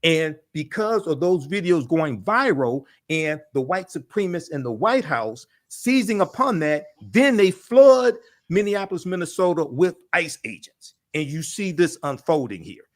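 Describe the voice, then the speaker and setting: A man speaking as a panelist in political commentary, forceful and building his argument with many filler pauses. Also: a little high, sing-song.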